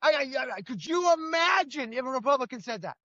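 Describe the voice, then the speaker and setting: A man's voice: extremely high pitch, expressive, brisk, pushed and bright, no room sound, muffled recording. A middle-aged man co-hosting a political talk show, ranting in an indignant, emphatic way. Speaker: co-host.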